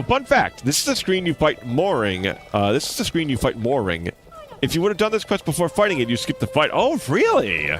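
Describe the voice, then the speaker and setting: A man streaming a video game with excitable, playful commentary, swearing casually as he plays. His pitch leaps all over the place. Faint music runs behind his voice.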